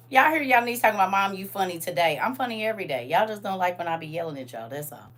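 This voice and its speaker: A woman's voice: medium pitch, quick pace. A grandmother hosting a casual livestream, talking sassily and directly to her viewers from her phone. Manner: sassy, animated, talks straight to viewers.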